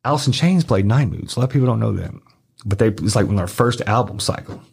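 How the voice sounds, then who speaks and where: A man's voice: animated, fast talker, vocal fry, darkish tone, breathy edge. A middle-aged man from Arkansas, a podcast guest telling rambling, profane stories in casual chat and acting out other people's lines. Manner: swearing, rambling anecdotes, acts out others' lines in a high voice. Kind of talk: casual storytelling.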